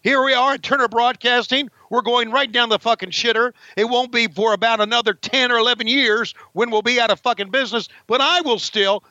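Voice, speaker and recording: A man's voice: steady tone, a little fast, hardly any pauses, bright, forceful tone, dry recording, lo-fi sound. A man playing a frustrated veteran male wrestler who rants and swears backstage. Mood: ranting. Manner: profane, rambling, raised pitch, mock-angry.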